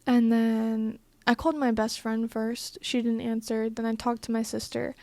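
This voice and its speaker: A woman's voice: a little high, flat delivery, normal speed, darkish tone, no room sound. A young woman telling a personal story in a casual, blunt and profane way, full of filler "like"s. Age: young adult. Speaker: vlogger.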